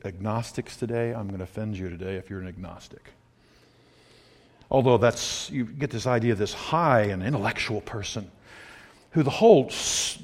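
A man's voice: mid-range voice, in a large hall. A man preaching a sermon, who laughs often and acts out the people he quotes in mocking voices. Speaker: pastor.

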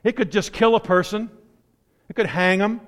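A man's voice: high-pitched, steady tone, normal speed, a bit bright. A man preaching a sermon in a conversational, storytelling way, with asides, in a church sanctuary with a long hall echo.

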